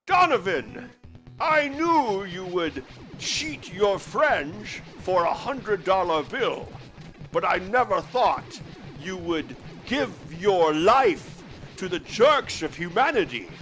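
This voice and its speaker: A man's voice: high-pitched, big pitch swings, takes it slowly, a bit bright, faint music behind, exaggerated voice, low-quality recording. A man putting on a drawling impression of an elderly professor father with a slurred, lispy S, rambling while playing a game. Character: gruff elderly Scottish professor father, lecturing. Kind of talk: comedic impression during a game stream.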